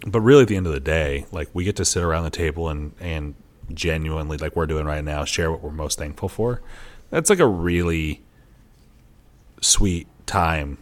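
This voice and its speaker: A man's voice: rumbling low, moderate pace. A young man co-hosting a podcast, chatting casually and rambling, laughing often as he tells stories. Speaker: podcast co-host. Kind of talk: casual chat.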